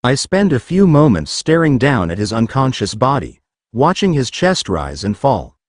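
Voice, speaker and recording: A man's voice: medium pitch, very animated, moderate pace, no echo, clean studio sound. A man reading a fan fiction story aloud in the first person, casual and sometimes profane. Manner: reads aloud, including punctuation, with casual cursing.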